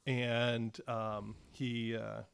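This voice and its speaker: A man's voice: medium pitch, flat delivery, extremely slow, gravelly, clear, resonant tone. A man as game master, narrating a tabletop game in a rambling way, with fillers and restarts.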